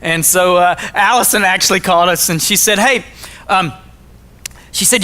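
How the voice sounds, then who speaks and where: A man from Arkansas, giving a jokey, animated storytelling talk to a school audience. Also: high voice, normal speed. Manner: animated, jokey, acts out his own quotes. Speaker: motivational speaker.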